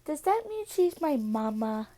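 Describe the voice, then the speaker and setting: A sweet, clingy little girl speaks in a high, cute childish voice, put on by a woman telling a story. The voice stays soft and mellow, and the pace is unhurried. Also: very animated. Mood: hopeful.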